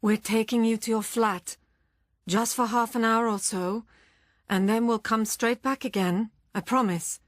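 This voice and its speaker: A woman's voice: on the high side, steady tone, measured pace, dry recording, clean studio sound, pitched above the performer's own voice, lightly acted. Woman reading as an urgent, pleading daughter. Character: distressed fifty-five-year-old woman, protective daughter.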